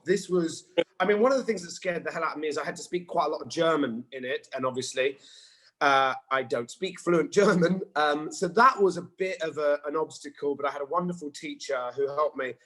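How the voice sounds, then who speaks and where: The audio is poor, but you can hear a fairly quick, higher-pitched man in his forties from England. An actor and interview guest, he chats casually and tells lively stories, voicing the quotes as he goes.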